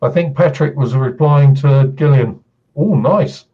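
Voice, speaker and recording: A man's voice: medium pitch, a little slow, breathy edge. A man co-hosting a livestream, dropping dry, profane wisecracks and reading out chat. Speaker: livestream co-host. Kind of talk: casual profane banter. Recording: slightly muffled with faint noise.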